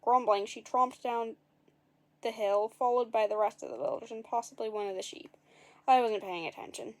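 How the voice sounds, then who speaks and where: A woman with a fairly high voice reads a storybook aloud in a relaxed way. She drops in wry, dry asides and cheerfully corrects her own slips as she goes. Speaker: narrator. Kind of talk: casual storybook read-aloud.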